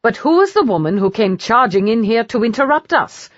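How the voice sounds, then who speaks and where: A woman's voice: fairly high pitch, very animated, a little fast, no echo, lo-fi sound, pitched above the performer's own voice. A woman voicing a cool, cynical aristocratic lord in an audiobook, speaking in a lazy, mocking drawl. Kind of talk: audiobook character reading.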